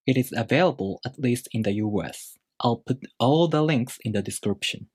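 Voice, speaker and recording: Husky-voiced man teaching calmly. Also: mid-range voice, no echo. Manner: calm, methodical explanations with spoken examples. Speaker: language teacher. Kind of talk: instructional video lesson.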